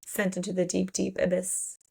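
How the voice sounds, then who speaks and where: Gravelly voiced woman cohosting a book podcast, blunt and jokey, bit crude. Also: medium pitch, completely flat delivery, moderate pace, a little mellow. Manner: blunt, joking, playfully crude. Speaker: podcast co-host. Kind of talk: casual book discussion.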